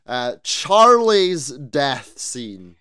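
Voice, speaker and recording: A man co-hosting a podcast in casual chat, animated, swearing freely and asking rhetorical questions. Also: a little high, drawn-out words, clean tone. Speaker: podcast co-host.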